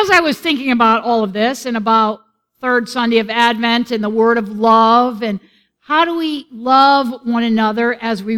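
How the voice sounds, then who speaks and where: High-voiced woman pastor preaching. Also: a bit bright. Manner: encouraging, leads the congregation in song. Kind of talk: sermon with congregational singing. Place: church sanctuary.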